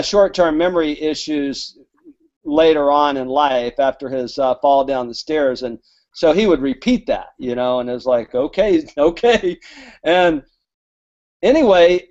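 A man from Alabama with a voice on the high side and a slightly mellow tone is a guest author in a casual storytelling interview. He rambles through chatty stories, acting out the dialogue he quotes, on dull lo-fi audio.

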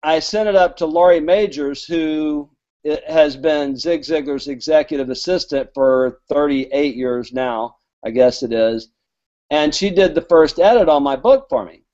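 A man's voice: fairly high pitch, a little slow, a little mellow. A man from Alabama, a guest author telling rambling, chatty stories in an interview and acting out the dialogue he quotes. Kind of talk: casual storytelling interview. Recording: dull lo-fi audio.

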